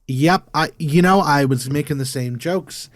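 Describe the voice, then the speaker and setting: A man with a somewhat high voice co-hosting a casual podcast, recorded very dry and close. He reads out results plainly and reins in his co-host's tangents. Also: measured pace, dry recording. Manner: dry, corrective, keeps things on track. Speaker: podcast co-host. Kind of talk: casual chat.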